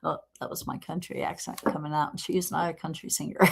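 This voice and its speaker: A woman's voice: low voice, level tone, fairly quick, gravelly, slightly rough. A woman hosting a casual live tarot reading, chatty and encouraging, often breaking into laughter. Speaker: tarot reader host.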